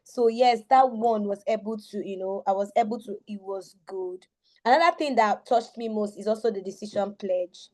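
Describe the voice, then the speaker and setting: Effusive woman coach with a mellow voice. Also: medium pitch, moderate pace. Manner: effusive, repeats phrases for emphasis. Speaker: teens coach giving a book review. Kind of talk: enthusiastic spoken book review.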